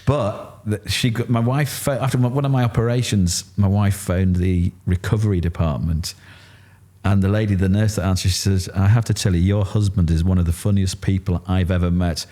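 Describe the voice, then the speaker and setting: A middle-aged man with a Yorkshire accent, telling his story candidly in an interview and acting out what others said. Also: brisk. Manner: animated, acts out quotes with rising pitch. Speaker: interview guest.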